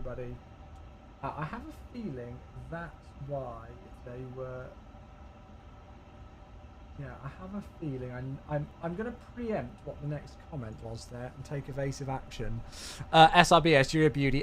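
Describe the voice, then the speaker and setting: A man streaming a flight sim live, chatty and thinking aloud as he thanks viewers warmly. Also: fairly high pitch, a little hiss or hum.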